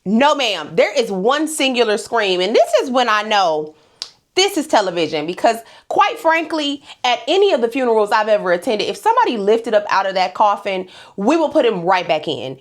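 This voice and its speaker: A woman's voice: a little high, sing-song, moderate pace. A woman from Louisiana, hosting a sassy comedic recap of a TV episode, talking straight to viewers with pet names and laughing often. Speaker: host.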